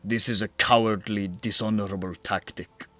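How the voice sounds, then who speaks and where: Guy putting on a snooty elf rider voice, low, fake accent, sneering. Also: fairly even intonation, moderate pace, pushed and bright, dry recording. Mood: contemptuous. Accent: put-on accent. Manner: haughty, contemptuous, clipped. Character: disdainful tattooed male elf rider.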